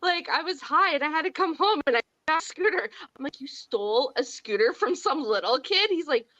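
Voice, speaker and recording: A woman in her forties with a somewhat high voice, co-hosting a casual podcast. She swears freely and acts out the family quarrels she tells. The sound is a little muffled and dry. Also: lively intonation, brisk, pushed and bright, dry recording. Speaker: podcast co-host. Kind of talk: casual chat.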